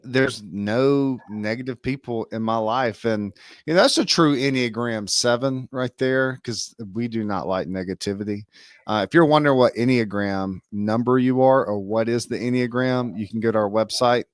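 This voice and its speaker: A man with an ordinary mid-range voice co-hosts a relaxed business webinar. He chats in an upbeat way with quick asides. The recording is close and dry. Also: mid-range voice, clean tone, no echo. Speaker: webinar co-host. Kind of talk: casual webinar talk.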